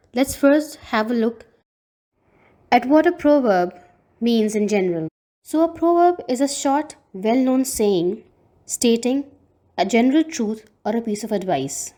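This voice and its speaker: A woman teacher with a Pakistani English accent gives a recorded lesson to schoolchildren. Her voice sits a little high, and she speaks slowly and carefully, stressing each pronunciation. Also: animated, mellow. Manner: slow, careful teacher's delivery spelling out pronunciations.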